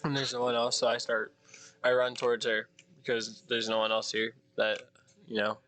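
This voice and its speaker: A man's voice: medium pitch, completely flat delivery, normal speed, sharp tone. A man playing a tabletop game, casually describing his character's actions in first person. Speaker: player.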